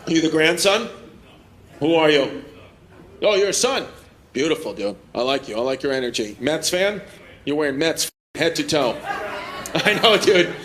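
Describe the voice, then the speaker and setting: A man's voice: on the high side, sing-song, normal speed, pauses often, a bit bright. A man doing brash, teasing crowd work as a stand-up comedian in front of a live audience. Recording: live room with crowd laughter and noise.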